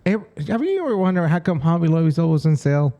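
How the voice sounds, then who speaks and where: Male podcast co-host, warm and dark tone, laughing anecdote teller. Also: a little high, quick pace. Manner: animated storyteller, laughs often, acts out quotes. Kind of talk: casual chat.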